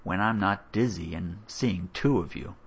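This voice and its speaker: A man voicing a wounded older uncle who speaks low, softly and wryly. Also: unhurried, vocal fry, breathy edge, highs cut off, exaggerated voice. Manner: low, soft, wry.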